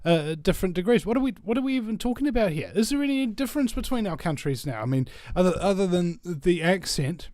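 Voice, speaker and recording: Kiwi guy ranting on his show, bit high voice, loud then muttery, dry close sound. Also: lively intonation, fast, hardly any pauses, no echo. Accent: New Zealand. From New Zealand. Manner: rambling, restarts and swings from loud to muttered. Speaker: talk show host. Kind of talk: animated monologue.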